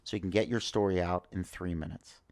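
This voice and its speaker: A man's voice: deep voice, steady tone, brisk, a little mellow. A man in his thirties chatting on a podcast, telling stories and acting out the dialogue in them. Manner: storytelling, acts out quoted dialogue. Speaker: comedian guest. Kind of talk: casual podcast chat.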